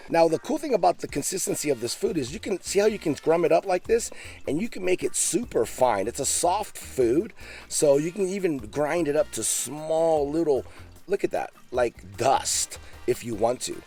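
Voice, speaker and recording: A man vlogging outdoors beside his backyard koi pond, talking casually and eagerly into a handheld phone camera, his voice jumping up on the exciting bits. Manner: enthusiastic, chatty, pitch jumps up on exciting points. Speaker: fish keeper vlogger. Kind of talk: casual show-and-tell vlog.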